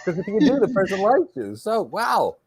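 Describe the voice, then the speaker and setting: A man's voice: sits high, wildly swooping pitch, moderate pace, over a noisy crowd. A man running a mock job interview on a live stream, enthusiastic and chatty, telling stories as he goes. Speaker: interviewer and career coach.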